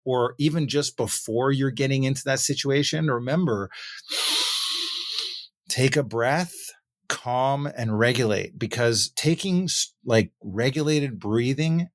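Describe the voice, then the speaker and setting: A man hosting a podcast, telling relaxed anecdotes in casual conversation. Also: mid-range voice, measured pace, no echo, clean studio sound. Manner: relaxed, anecdotal, filler-heavy. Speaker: podcast host.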